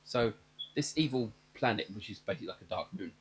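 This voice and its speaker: A man's voice: on the low side, expressive, quick pace, slight background noise. A man co-hosting a casual chat, wryly retelling a film's scenes in detail. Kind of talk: casual film recap chat.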